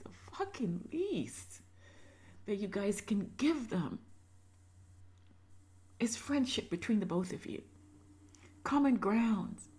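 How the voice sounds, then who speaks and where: A woman giving emotional reaction commentary, impassioned, moving between loud emphasis and soft whispery asides. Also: medium pitch. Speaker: reaction video creator.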